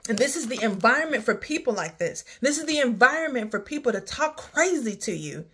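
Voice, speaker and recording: A woman's voice: fairly high pitch, very animated, brisk, fairly bright tone, a little hiss or hum. A woman talking candidly in a personal vlog, sighing often as she drifts from work troubles to faith. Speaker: vlogger. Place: outdoors near her home, rain starting.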